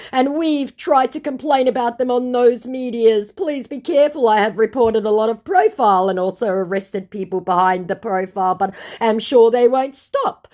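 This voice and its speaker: Brief: woman playing a male celebrity-impersonating scammer, high, broken English, insistent. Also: warm tone, natural voice. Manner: broken English, repetitive reassurances. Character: male online scammer posing as a celebrity, pushy and flattering.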